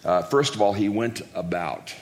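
A man's voice: lowish voice, expressive, moderate pace. A man preaching a casual, joking sermon to a congregation, rambling and interrupting himself with folksy asides. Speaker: guest preacher. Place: church hall. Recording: echoey hall, long reverb.

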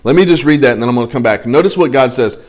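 A man leads an adult Bible class in a loose, conversational way. He thinks aloud, restarts his sentences and drops in asides, and he slows down when he reads scripture aloud. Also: medium pitch, expressive, a little mellow. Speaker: Bible study teacher.

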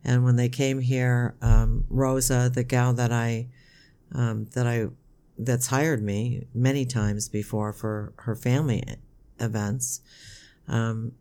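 An older woman, a podcast co-host, chatting casually with her son in a rambling, halting way with many restarts. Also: a bass voice, little pitch movement, mellow, smooth. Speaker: podcast co-host, mother of the other host. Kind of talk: casual chat.

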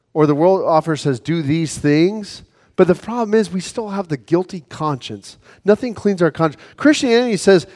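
A man preaching an evening sermon in a casual storytelling way, acting out quotes and dropping from lively to hushed. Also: a little high, in a large hall. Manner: swings from lively to soft and hushed.

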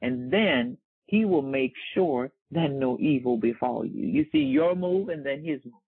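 A man preaches a sermon in call-and-response style, repeating his phrases and drawing answers from the congregation. His voice is gravelly and a bit husky. It comes through a thin, phone-like recording. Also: mid-range voice, very animated, unhurried. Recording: tinny, phone-like sound.

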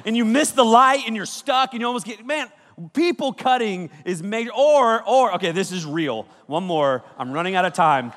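A man preaching a comedic sermon to young people, telling stories with lots of energy and jumping into high voices when he quotes people. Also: moderate pace, in a large hall. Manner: animated storytelling, jumps into high voices for quotes. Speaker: pastor.

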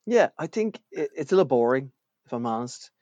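A man in casual podcast chat as co-host, wry and profane, whose pitch jumps up when he jokes. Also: sing-song, a little fast, darkish tone, no room sound, dull audio.

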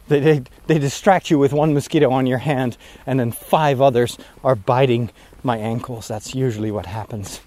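A priest who podcasts records a casual vlog while walking outdoors at sunset, slightly out of breath. He rambles and gets easily distracted, speaking unhurriedly in a medium-pitched male voice with a darkish tone.

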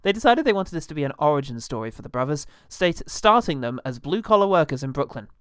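A man's voice: fairly high pitch, sing-song, a bit bright, clean tone, dry recording, clean studio sound. Sarcastic man co-hosting a comedy podcast. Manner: sarcastic, quick-witted, laughs often. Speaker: podcast co-host. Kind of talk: casual comedic chat.

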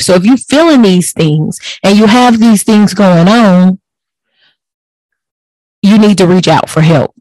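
On a casual podcast, a woman host speaks in a mid-range, slightly mellow voice, earnest and emphatic, repeating words to drive her points home. The recording is dry and close-miked, and the audio quality is poor.

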